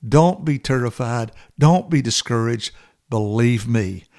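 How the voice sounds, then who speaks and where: A man's voice: mid-range voice, a little slow, darkish tone. A man preaching a sermon, earnest and exhorting, building to emphatic repeated phrases.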